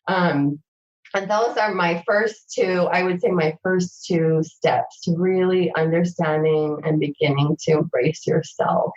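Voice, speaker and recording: A woman's voice: lowish voice, measured pace, reverberant, lo-fi sound. A woman intimacy coach speaking in an interview, reflective and explaining things step by step, often voicing questions to herself. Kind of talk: conversational interview.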